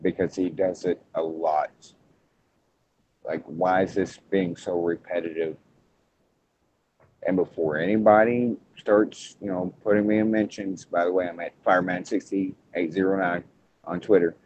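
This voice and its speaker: A man hosting a casual wrestling podcast, talking in halting bursts with frequent restarts. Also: sits low, fairly even intonation, a little mellow. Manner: halting, restarts often, hedges before points. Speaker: podcast host. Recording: muffled lo-fi podcast audio.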